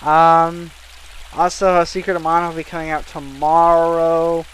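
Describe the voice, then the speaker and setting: A young man giving casual let's-play commentary, a loud, excitable talker who bursts into yelling. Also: a little high, normal speed, slight background noise. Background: faint game music.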